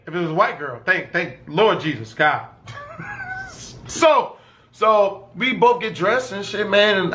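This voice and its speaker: A young man telling a crude story from his own life in a casual, rambling way, animated and full of swearing, sometimes breaking into excited shouts. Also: high voice, slight background noise.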